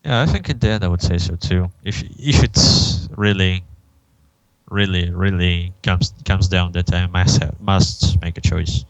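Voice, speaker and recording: A man co-hosting a casual podcast chat, measured and thinking aloud. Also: low-pitched, gravelly, no echo, muffled recording. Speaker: podcast co-host.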